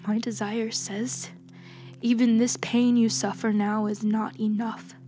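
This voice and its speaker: A woman voicing a calm, forgiving young woman healer who speaks softly and in a measured way, with music playing behind. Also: a little high, lightly acted. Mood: grave. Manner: soft, calm, measured speech.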